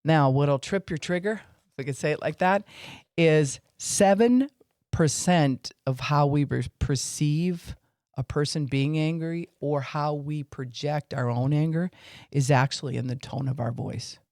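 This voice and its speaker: A man's voice: fairly high pitch, measured pace, a little mellow, no room sound, clean studio sound. A man teaching on faith and emotions in an informal podcast talk, with fillers, acting out what people say.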